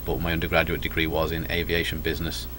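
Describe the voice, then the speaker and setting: Quick-talking young Englishman, low voice. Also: a little hiss or hum. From England. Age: young adult. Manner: relaxed, chatty, quick with fillers. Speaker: guest. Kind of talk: casual chat.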